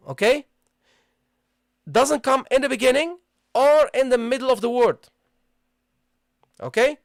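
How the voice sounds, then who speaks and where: A teacher leads a live online language lesson with a patient, repetitive style, often stopping to ask the class if they follow. The voice sits at a middling pitch. The sound is dry, with almost no room around it. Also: no room sound. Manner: patient, repeatedly checks in with "okay?" and "guys"; repeats key points and asks the class questions. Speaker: Arabic teacher.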